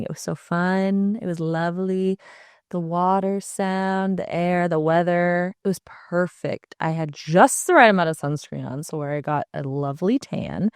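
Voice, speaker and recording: A woman hosting her own podcast in a chatty, animated way, with jokey asides and frequent laughs. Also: on the low side, smooth, no echo, studio quality. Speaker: podcast host. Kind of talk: casual solo podcast chat.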